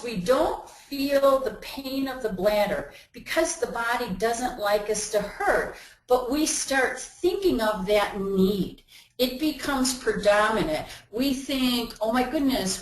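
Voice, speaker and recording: A woman's voice: high-pitched, a little hiss or hum. A woman giving a webinar talk in a conversational way, acting out everyday inner voices as she explains. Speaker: webinar presenter. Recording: roomy echo.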